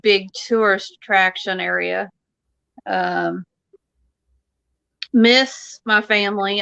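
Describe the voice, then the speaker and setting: A woman's voice: medium pitch, sharp tone, smooth, dry recording, highs cut off. A woman from the Missouri Ozarks with a Southern accent, chatting folksily as a guest on a live show. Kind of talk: casual chat.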